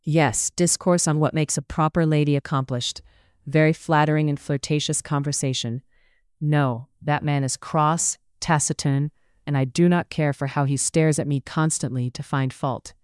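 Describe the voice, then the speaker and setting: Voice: medium pitch, fairly even intonation, normal speed, smooth, no room sound, clean studio sound, natural voice. A narrator voicing a witty, teasing young lady. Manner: wry and teasing. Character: witty, spirited young gentlewoman. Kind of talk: audiobook character reading.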